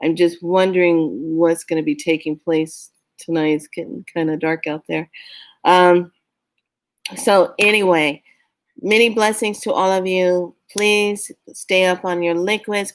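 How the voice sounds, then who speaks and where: Woman, casual spiritual talk, earnest, urging, laughs often, slightly low voice. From California. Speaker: spiritual vlogger.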